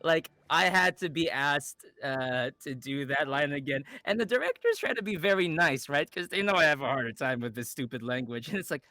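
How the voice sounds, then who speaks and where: A man's voice: on the high side, animated, a little fast, few pauses, sharp tone, dry recording. A man guesting as a voice actor in casual online chat, laughing and mocking himself.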